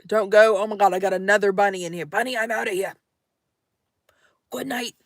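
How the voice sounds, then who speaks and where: A woman's voice: medium pitch, fairly even intonation, brisk, no echo, studio quality. A young adult woman live streaming late at night, reading chat aloud in a playful, theatrical way.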